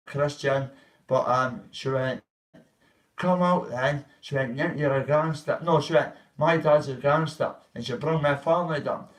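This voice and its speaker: Male vlogger, casual profane storyteller, mid-range voice, sits back from the mic. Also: medium pitch. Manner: rambling, profane, acts out quoted voices. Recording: voice a bit far from the mic.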